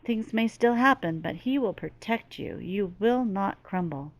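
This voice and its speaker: A woman's voice: mid-range voice, lively intonation, measured pace. A middle-aged woman speaking as a medium in a channeling monologue, earnest and emphatic, with lots of repetition. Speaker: spiritual medium.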